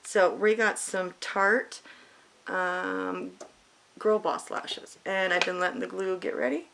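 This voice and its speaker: A woman's voice: on the low side, fairly even intonation, slow, vocal fry, background noise. A middle-aged woman chatting bluntly and candidly through a makeup tutorial at home, swearing freely. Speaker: beauty vlogger. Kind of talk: casual makeup tutorial chat.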